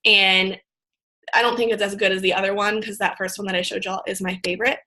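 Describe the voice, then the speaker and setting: A woman talks casually to her viewers, filling her sentences with "like" and "um". Her voice is bright and sits at an ordinary pitch. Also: level tone, fairly quick, low-quality recording. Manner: chatty, full of fillers like "like" and "um". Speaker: vlogger.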